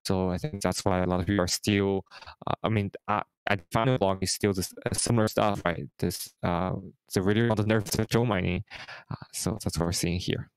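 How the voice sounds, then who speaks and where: A man's voice: low voice, fairly even intonation, brisk, clear, resonant tone, no echo, rough recording. A man hosting a casual live stream, talking through market charts in a hesitant way with many fillers and restarts. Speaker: host.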